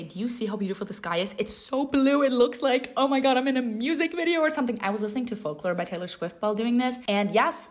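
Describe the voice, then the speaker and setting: A woman's voice: on the high side, fairly bright tone. A young woman talking in a chatty, bubbly way, narrating her day as a book vlogger. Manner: chatty, bubbly, playful asides. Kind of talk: casual vlog narration.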